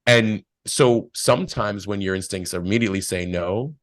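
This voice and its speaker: Appearing as a podcast guest, a man with a fairly low voice offers earnest spiritual life advice at a normal speed, rambling and telling stories in a casual chat. The studio recording is clean and dry.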